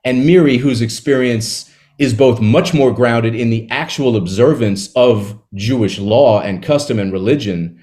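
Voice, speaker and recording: A man in an interview, talking casually about a book he wrote, retelling its scenes with quick asides. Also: medium pitch, dark tone. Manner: conversational, retells scenes with quick acted quotes and laughs. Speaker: author discussing his novel.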